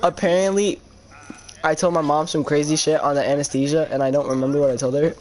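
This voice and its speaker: A teenage boy chats with friends on voice chat while gaming, his voice sitting a little high for a guy. He talks loudly and bluntly, laughing his way through stories. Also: fairly even intonation, fast, crowd noise. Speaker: gaming channel host.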